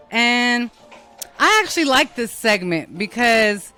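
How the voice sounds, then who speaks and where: New York woman host, rambling and foul-mouthed, with a bright, forceful voice and faint music underneath. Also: mid-range voice, animated, normal speed. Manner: blunt, profane, rambling. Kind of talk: casual monologue.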